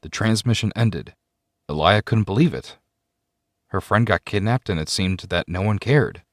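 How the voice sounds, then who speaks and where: A man giving a measured, scripted narration of a sci-fi story. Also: fairly low pitch, dry recording, clean studio sound. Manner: measured storytelling with expressive ups and downs.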